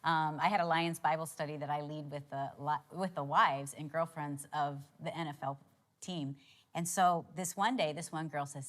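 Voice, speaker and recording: A middle-aged woman on a church stage with a slightly low voice. She tells stories in a chatty, teasing way. It sounds like she is sharing a session with her husband. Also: steady tone, moderate pace, fairly bright tone. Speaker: co-speaker at a marriage session. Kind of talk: sermon storytelling.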